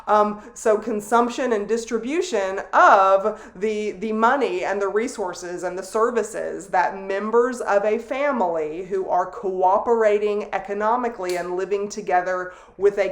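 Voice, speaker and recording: A middle-aged woman lectures on sociology in a deliberate, explanatory way, pausing for asides and the odd filler. Her voice sits at an ordinary middle pitch, and the room around her rings with a noticeable echo. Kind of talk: recorded classroom lecture. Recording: roomy echo.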